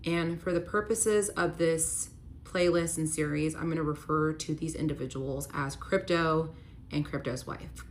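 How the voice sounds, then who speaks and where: A woman's voice: sits low, fairly even intonation, unhurried, a little hiss or hum. A young woman telling a personal story to her phone camera, candid and earnest, with a casual "like" running through her talk. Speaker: real estate agent telling her story.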